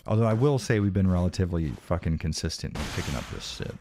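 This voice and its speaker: Deep-voiced, foul-mouthed male streamer. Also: lively intonation, fast talker, warm tone, soft background music. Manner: frustrated, swears constantly, drops to a whisper in mock rage. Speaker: livestreamer playing a video game. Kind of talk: casual live commentary.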